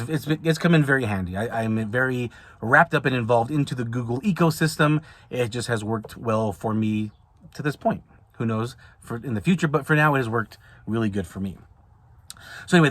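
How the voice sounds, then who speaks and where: A man's voice: mid-range voice, fairly bright tone, no echo. A man hosting an advice podcast, talking casually and informally, with frequent restarts and repetitions. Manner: conversational, repeats and restarts often. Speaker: podcast host, signing service owner.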